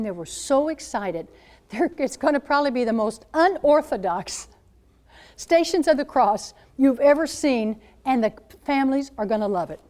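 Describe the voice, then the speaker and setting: A woman in her seventies, a Catholic nun speaking to high school students as a guest speaker, telling stories in an animated way and acting out what people said. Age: 70s. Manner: animated storyteller, acts out quoted voices. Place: school gathering room.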